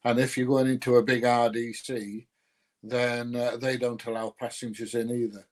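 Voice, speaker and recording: A man's voice: medium pitch, level tone, normal speed, darkish tone. A man from North Nottinghamshire with a South Yorkshire accent, chatting casually on a live stream, rambling with many ums and uhs and greeting viewers by name. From North Nottinghamshire, England. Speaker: YouTuber greeting live chat.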